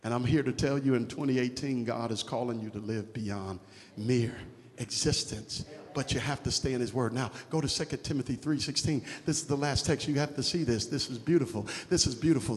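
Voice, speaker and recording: A man preaching a sermon, moving between hushed teaching and shouted, rhythmic exhortation with call-and-response refrains. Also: mid-range voice, brisk, in a large hall.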